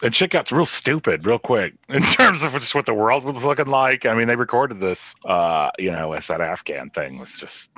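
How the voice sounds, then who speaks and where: Bright, dry-voiced man, vivid talker. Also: mid-range voice, sing-song, dry recording. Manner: vivid, profane, quick to laugh. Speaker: podcast co-host. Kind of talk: casual music review chat.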